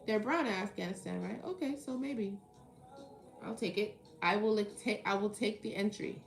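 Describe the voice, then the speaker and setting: A woman hosts a live tarot stream from home, bantering with her viewers. Her voice has a gravelly, fried edge and sits at a middle pitch. The room is echoey, with faint music playing behind her. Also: moderate pace. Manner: playful, chatty, reads comments aloud and banters. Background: faint background music.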